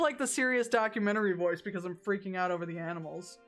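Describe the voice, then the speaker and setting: A woman's voice: medium pitch, fast, hardly any pauses, faint music behind. A woman streaming herself playing a game, chatting casually, joking with chat and reading on-screen text aloud.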